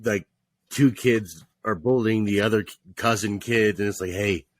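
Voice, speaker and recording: A man co-hosting a podcast in casual chat, rambling with lots of fillers and deadpan jokes. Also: lowish voice, normal speed, dry recording. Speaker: podcast co-host.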